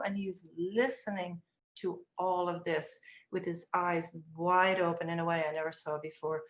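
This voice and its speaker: An older woman, an early childhood educator, recounting classroom stories and acting out the dialogue in lively high voices. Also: normal speed. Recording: echoey room.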